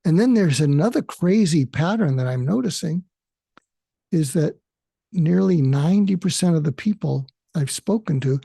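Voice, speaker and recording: A man's voice: a little high, lively intonation, creaky, warm tone, slightly rough, no echo, studio quality. A man hosting his own podcast, speaking in a reflective monologue that halts often with fillers and restarts. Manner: halting, with frequent fillers and restarts. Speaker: podcast host and therapist.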